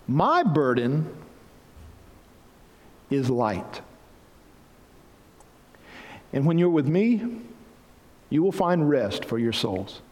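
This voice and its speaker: A man's voice: mid-range voice, darkish tone. Earnest male pastor in a reverberant hall. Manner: earnest, rises to emphatic preaching. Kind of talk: sermon.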